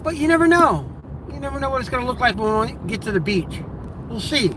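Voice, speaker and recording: A middle-aged man tells a casual story while driving, acting out the voices he quotes with lively energy. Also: very high voice, a little fast. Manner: animated, acts out quoted voices. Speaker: live streamer. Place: inside a car on the road. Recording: car and road noise behind.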